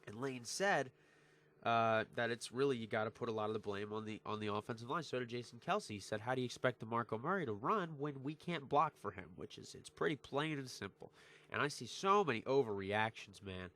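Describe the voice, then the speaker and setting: A man's voice: mid-range voice, lively intonation, brisk, fairly bright tone. Teen male vlogger, heated fan rant, emphatic and repetitive, mid-range voice. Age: teens. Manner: emphatic, frustrated, repetitive, swears freely. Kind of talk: heated sports recap rant.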